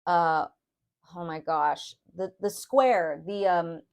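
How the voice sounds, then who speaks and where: A young woman giving a casual tarot reading to camera, chatty and loose, often calling viewers "you guys" and filling pauses with "um" and "like". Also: lowish voice, gravelly, smooth. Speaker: tarot reader.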